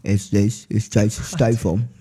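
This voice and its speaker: A man co-hosting a casual podcast chat, joking around and slipping into deadpan impression bits. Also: fairly low pitch, unhurried, breathy edge. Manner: jokey, keeps doing a flat deadpan impression voice. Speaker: podcast co-host.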